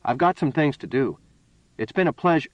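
A polite, unsure young man from a village, speaking apologetically, as a man reads him. His voice is pitched a little above the narrator's, muffled and dry. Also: lively intonation, moderate pace, no room sound, lightly acted. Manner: apologetic, hesitant.

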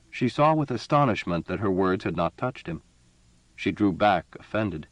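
A man reading a science fiction story as narrator, measured and steady. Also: low-pitched, no room sound, muffled recording. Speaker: audiobook narrator. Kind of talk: scripted narration.

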